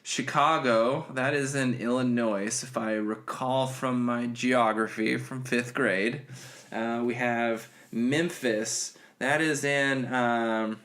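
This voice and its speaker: A man with a hoarse voice hosting a casual solo podcast, rambling with lots of fillers and restarts. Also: mid-range voice, steady tone, slow, fairly bright tone. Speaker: podcast host.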